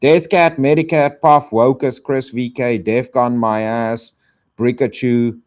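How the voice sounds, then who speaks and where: A man's voice: medium pitch, fairly even intonation, unhurried. A man hosting a casual live stream, swearing and thanking donors in slang.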